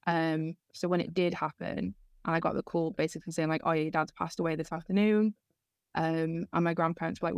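Young woman, steady earnest storyteller. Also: on the low side, clear, resonant tone, no room sound, clean studio sound. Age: young adult. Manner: earnest storytelling, many fillers like "like". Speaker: university student guest. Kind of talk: casual podcast conversation.

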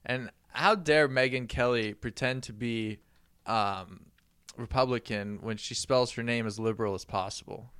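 A man's voice: medium pitch, unhurried, fairly bright tone, smooth, dry recording. A man co-hosting a podcast, bantering casually, joking, laughing often and swearing. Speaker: podcast co-host. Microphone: studio microphone.

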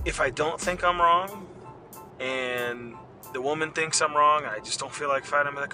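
A man's voice: a little high, brisk, pushed and bright, soft background music. A middle-aged man hosting a podcast, delivering a heated, profanity-laden rant. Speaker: podcast host. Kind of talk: ranting monologue.

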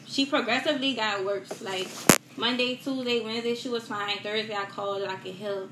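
A young woman as a guest, telling a personal loss in a soft, halting way with many fillers and repetitions, in a roomy, noisy recording. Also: medium pitch. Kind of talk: emotional personal story in a podcast chat. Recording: roomy echo with steady background noise.

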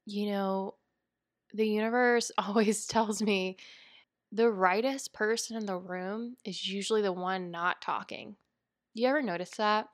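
This is a studio-quality recording with no room sound, featuring a woman whose voice sits in the middle range. As host of a spiritual coaching podcast, she talks in a relaxed monologue that's sincere, talkative, and full of digressions.

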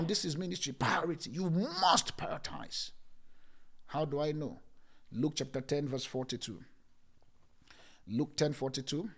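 A middle-aged man preaching a sermon, repeating phrases and switching between loud bursts and hushed lines. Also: a little high, gravelly, breathy edge. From Nigeria. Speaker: pastor.

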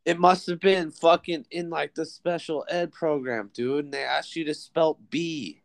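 A man's voice: on the high side, steady tone, unhurried, creaky, no room sound. A young man hosting a podcast in casual chat, joking and teasing with plenty of swearing. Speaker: podcast host.

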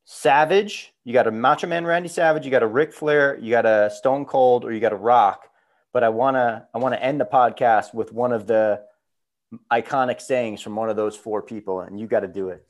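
A man's voice: mid-range voice, moderate pace. Laid-back male podcast host. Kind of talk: casual podcast chat.

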